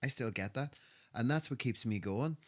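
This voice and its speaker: A man's voice: medium pitch, normal speed. A middle-aged man who performs in drag, chatting casually as a podcast co-host and telling stories with a sarcastic streak. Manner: sarcastic, animated storyteller who quotes people.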